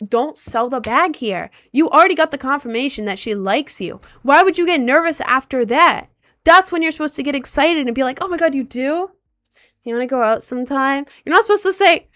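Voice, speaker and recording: A young adult woman livestreaming in a casual, rambling chat, giving frank and animated advice with many fillers. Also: high-pitched, a little fast, no room sound, studio quality. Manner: chatty and rambling, heavy on filler words.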